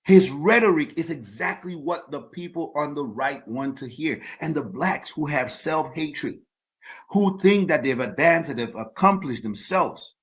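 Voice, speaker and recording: A man hosting his own podcast, delivering an emphatic opinion monologue and repeating words as he builds his points. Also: fairly high pitch. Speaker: podcast host.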